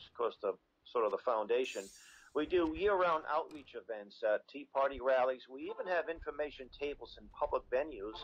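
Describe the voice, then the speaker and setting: A man speaks as a guest on a talk radio show, earnest and a little rambling, often restarting his phrases. His voice sits at an ordinary middle pitch over a faint background hiss. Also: low-quality recording. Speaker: guest, constitution educator. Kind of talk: radio interview.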